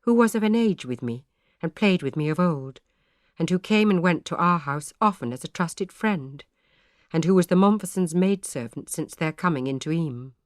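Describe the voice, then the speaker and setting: Woman narrating, lively old-style storytelling. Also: lowish voice, no room sound, clean studio sound. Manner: measured storytelling in old-fashioned speech. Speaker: audiobook narrator. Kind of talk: scripted narration of a historical novel.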